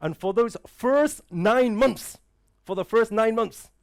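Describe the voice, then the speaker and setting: Speaking slowly in a high voice, a man delivers a motivational talk to a live crowd in an event room. He leans on rhetorical questions and repeats "right?" again and again.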